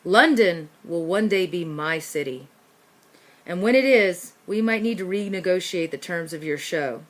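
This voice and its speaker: A woman voicing a calm, ambitious young male street rat who speaks in a matter-of-fact way in a storybook reading. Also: on the low side, unhurried.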